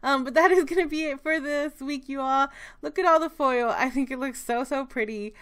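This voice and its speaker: A young woman narrating a planner vlog in a chatty, rambling way, her voice a bit hoarse and breaking. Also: high voice, moderate pace, a bit bright. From Texas. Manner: chatty, rambling, with many fillers and restarts. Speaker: planner vlogger. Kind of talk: casual voice-over narration.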